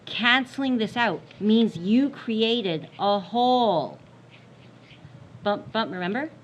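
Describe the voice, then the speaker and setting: A woman's voice: a little high, animated, slow. A woman math teacher giving a recorded lesson, repeating warnings emphatically in a playful way. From Canada. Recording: dull lo-fi sound with faint hiss.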